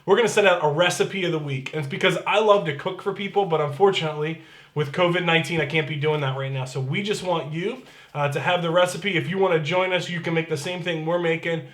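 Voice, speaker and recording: A man's voice: fairly high pitch, fast talker, fairly bright tone, reverberant. A man serving as pastor, giving casual church announcements in an upbeat, chatty way and reading scripture aloud.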